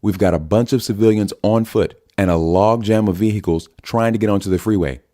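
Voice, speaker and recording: A man's voice: lowish voice, fairly quick, mellow, voice pushed up, lightly acted. A man voicing a tense male commander asking clipped, urgent questions.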